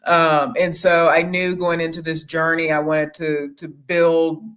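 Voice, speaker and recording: A woman guest on a casual chat who talks in a halting, rambling way with many pauses and restarts. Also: deep voice, flat delivery, a bit bright. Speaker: guest homesteader. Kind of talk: casual conversation.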